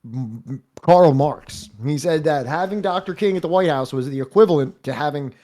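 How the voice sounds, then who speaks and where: A man co-hosting a podcast, reading a history book aloud between relaxed, joking asides. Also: fairly high pitch, moderate pace. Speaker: podcast co-host.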